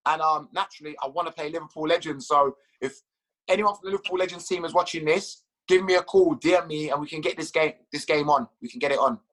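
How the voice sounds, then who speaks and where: A man as an interview guest, telling stories in a casual, animated way, swearing freely and laughing at his own tales. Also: a little high, fast talker, rough recording. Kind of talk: casual storytelling.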